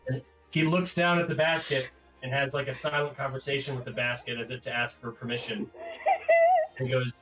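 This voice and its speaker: A man narrating his character in a tabletop game, animated and laughing. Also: medium pitch, a little fast. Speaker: player. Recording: distant mic with background music.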